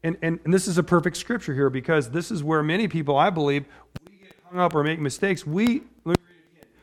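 A middle-aged pastor preaches a casual, conversational sermon, talking fast in a fairly high voice. He wanders into personal stories and often checks in with "right?".

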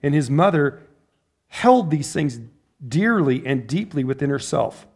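Guy preaching a sermon kinda high-pitched, chatty, keeps asking the crowd stuff and laughing. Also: expressive, measured pace, creaky, a little mellow, husky. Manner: conversational, asks the audience questions and laughs often.

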